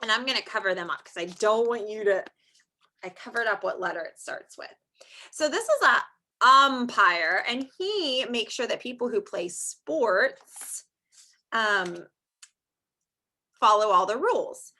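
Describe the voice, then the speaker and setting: A woman's voice: fairly high pitch, expressive, a little slow, pushed and bright. A woman teaching young children phonics in an online small-group class, stretching out sounds in a sing-song teacher voice. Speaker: preschool teacher. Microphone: screen-share video call.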